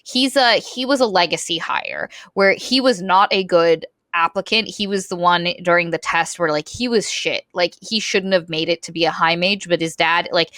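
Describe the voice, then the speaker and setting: A woman co-hosting a casual book discussion, retelling the story in an animated way with lots of "like" fillers. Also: fairly low pitch, no room sound, studio quality. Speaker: podcast co-host.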